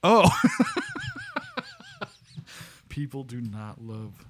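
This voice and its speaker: A man co-hosting a podcast in loud, profane, casual banter, laughing often. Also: mid-range voice, quick pace, a little hiss or hum. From United States. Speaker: podcast co-host.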